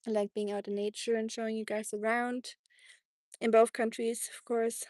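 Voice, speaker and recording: On a sunny outdoor walk beside the water, a German-accented woman from Germany streams live, chatting easily, laughing frequently and cooing to her dog. Her fairly high voice holds a level tone with a darkish quality at a moderate pace, captured in a dry, studio-quality recording.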